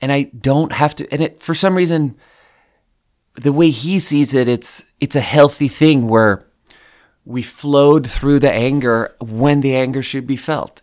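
A man's voice: mid-range voice, unhurried, a little mellow. A man from Sweden co-hosting a podcast, talking candidly in a rambling, casual way and swearing freely. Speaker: podcast co-host. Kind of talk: casual reflective chat.

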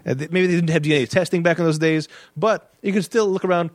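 A man's voice: a little high, quick pace, no echo. A man hosting a casual movie podcast, joking and chuckling through his points. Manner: chuckling, jokey asides.

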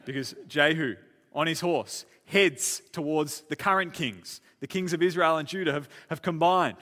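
A man's voice: a little high, normal speed, pushed and bright. A man preaching a sermon, retelling a story with casual asides and repeated words. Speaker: pastor. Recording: long church-hall reverb.

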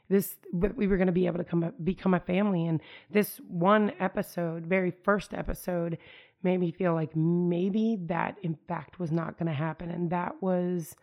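A middle-aged woman from the United States recounts a personal story in a loose, conversational flow, leaning on fillers. Her voice sits low with a gravelly edge. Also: dull audio. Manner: conversational, many fillers like "like" and "you know". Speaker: storyteller recounting family life.

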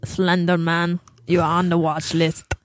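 A woman co-hosting a podcast, telling stories in a chatty, animated way. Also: fairly low pitch, a little slow, no room sound. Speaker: podcast co-host. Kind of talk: casual chat.

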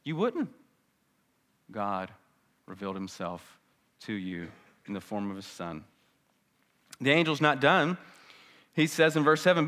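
A man preaching a sermon in a church, his voice at an ordinary middle pitch. He moves from sarcastic jabs to hushed, earnest pleading and back up to loud, urgent calls. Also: lively intonation, unhurried, long pauses. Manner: sarcastic, then dramatic with wide swings between loud and hushed. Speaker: pastor.

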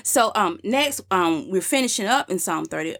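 A woman's voice: mid-range voice, animated, normal speed, fairly bright tone. A woman leading a casual Bible study with a co-host, talking earnestly and acting out the scripture passages with feeling. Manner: earnest, conversational, acts out the scripture quotes with feeling.

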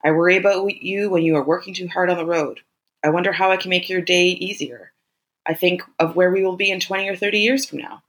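A woman's voice: on the low side, a bit bright, pitched above the performer's own voice, close to an everyday voice, poor audio. Woman reading as an earnest, affectionate woman. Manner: earnest, reassuring. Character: woman, candid and affectionate lover.

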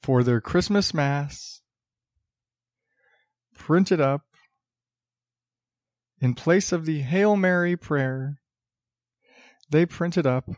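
Male podcast host, sarcastic rambler, slow delivery, dry close studio mic. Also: on the high side, darkish tone, dry recording. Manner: sarcastic, rambling, with many restarts. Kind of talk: casual solo podcast commentary.

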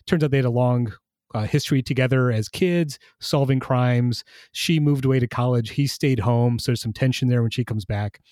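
A male podcast co-host who talks at length in a relaxed, enthusiastic way, with a few ums along the way. His pitch is mid-range, and the sound is dry and close to the mic. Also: moderate pace, no room sound. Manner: enthusiastic, steady explainer with fillers. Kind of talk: casual chat, reviewing comics.

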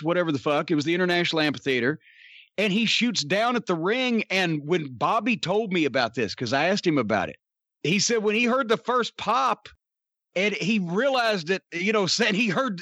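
A man with a rather high voice tells old stories in a loose, rambling way, full of fillers and curse words. The recording is close and dry, with no room sound. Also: fairly bright tone, dry recording. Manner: rambling and profane, many fillers. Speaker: podcast co-host and wrestling storyteller. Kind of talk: casual chat.

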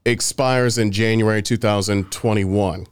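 Smooth-voiced man telling a story. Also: lowish voice, a little slow, no echo. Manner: animated, acts out quoted exchanges, swears freely. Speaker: podcast co-host telling a story. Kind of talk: casual storytelling chat.

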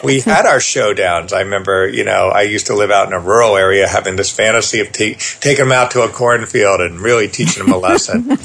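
A middle-aged man, a parenting therapist, telling a personal story in a lively conversational way. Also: fairly low pitch, gravelly, slightly rough. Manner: animated storyteller, quick asides. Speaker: therapist and parenting author, guest.

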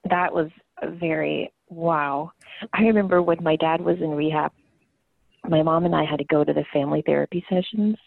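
A woman's voice: low voice, fairly even intonation, moderate pace, gravelly, dry recording. A woman talking candidly in a casual conversation, telling personal stories. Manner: candid storyteller. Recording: tinny phone-line sound.

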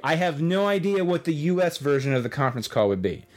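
A man's voice: a little high, fast. A man hosting a podcast, telling a story in a casual, rambling way, with the odd swear word. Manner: rambling, animated retelling with swearing. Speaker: podcast host.

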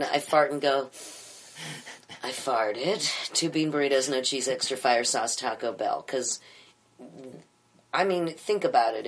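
A middle-aged woman, an improv teacher, talking bluntly and profanely in a candid interview. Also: very deep voice.

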